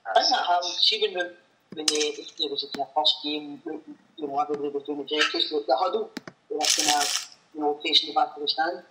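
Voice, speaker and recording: A man talking as a guest in casual chat, halting and repeating words. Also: on the high side, animated, background noise. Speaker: guest, supporters' group member.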